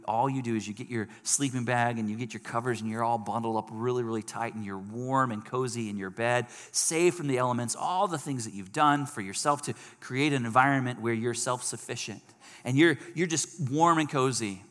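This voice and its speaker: A man's voice: mid-range voice, brisk, a bit bright. A man preaching a sermon in a big hall, his voice carrying a long reverb tail. He talks with animation and breaks into raised voices when he acts out what people say.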